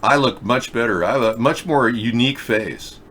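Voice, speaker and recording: A man's voice: mid-range voice, moderate pace, a bit bright, breathy edge. A middle-aged man hosting a live video chat show, reading viewer comments and rambling through sarcastic jokes and asides.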